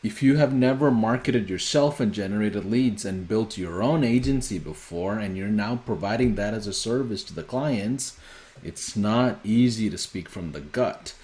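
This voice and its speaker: A man hosting a sales workshop, talking fast and pressing his points with repetition. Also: on the low side, a little mellow. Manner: fast-paced, urgent, repetitive emphasis. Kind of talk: motivational teaching.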